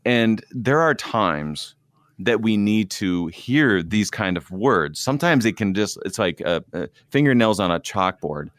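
Male preacher co-host, low-ish voice, dry room, animated and wry. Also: measured pace, no room sound. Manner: animated, self-deprecating, quotes scripture. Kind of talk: conversational Bible discussion.

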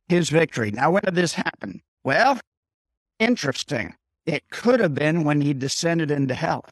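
Slow, dry-voiced man teaching a catechism lesson. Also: on the high side, no room sound, low-quality recording. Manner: explains a Bible text point by point with repeated "Okay?" checks.

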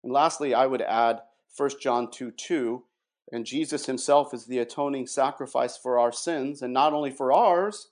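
A man at a mid pitch, speaking in a measured, emphatic way as he lays out a point of doctrine. He slows down to stress key words and reads passages aloud. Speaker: guest presenting doctrine. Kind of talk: explanatory theological talk with read quotations.

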